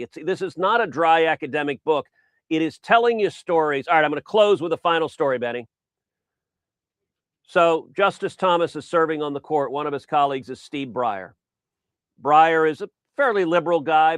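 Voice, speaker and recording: A man's voice: fairly high pitch, no echo. A middle-aged man, a senator as interview guest, who often repeats his opening words and tells an anecdote.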